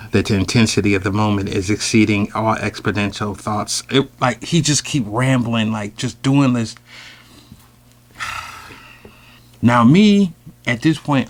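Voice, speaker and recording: Animated slangy man telling a story. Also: measured pace, long pauses. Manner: animated, slangy, with sudden loud high outbursts. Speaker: storyteller host. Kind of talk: casual storytime monologue.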